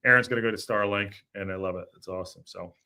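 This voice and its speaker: A man hosts a live football fan chat with a low-pitched but bright, forceful voice. His delivery is casual and jokey, full of quick asides. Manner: chatty, jokey, apologetic asides. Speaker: host of a football fan phone-in show.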